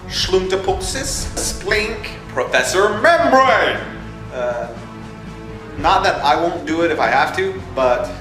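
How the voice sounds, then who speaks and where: A young man hosting a casual vlog that calls for voice actors for his fan film, animated and jokey, dropping into put-on voices. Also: fairly high pitch. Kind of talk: casual casting-call vlog. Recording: echoey room with music behind.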